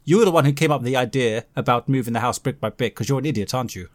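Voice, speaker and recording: A man's voice: medium pitch, rapid-fire, no room sound. A man in a casual comedy read-through, teasing his friends in a dry, mock-bossy way.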